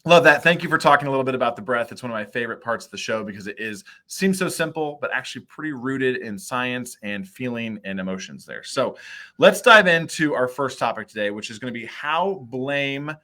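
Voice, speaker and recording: A man's voice: mid-range voice, expressive, a little fast, bright, forceful tone. A man with a Midwestern American accent hosting a casual video chat in an upbeat, affirming way. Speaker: host, mayor. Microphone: video call.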